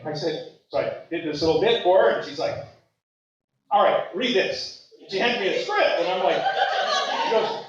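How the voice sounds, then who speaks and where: A man from Maui telling an animated story at a gathering and acting out the voices he quotes. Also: high voice, brisk, crowd noise. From Maui, Hawaii. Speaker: speaker sharing a memory at a gathering. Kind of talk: casual storytelling. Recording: echoey room, distant mic, dull sound.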